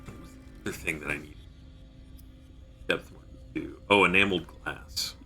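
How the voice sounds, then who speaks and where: A man's voice: a bass voice, moderate pace, bright, forceful tone, husky, faint music behind. A man streaming a video game, thinking aloud as he plays and stopping to answer his chat. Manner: thinks aloud and mutters while playing; reads out chat messages. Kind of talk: live game-stream commentary.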